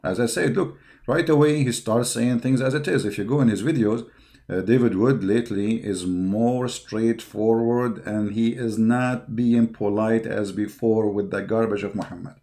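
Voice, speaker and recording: A man's voice: on the low side, fairly even intonation, normal speed, dark tone. A man hosting an online show, delivering a combative, impassioned monologue full of repeated words and fillers. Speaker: online apologetics show host.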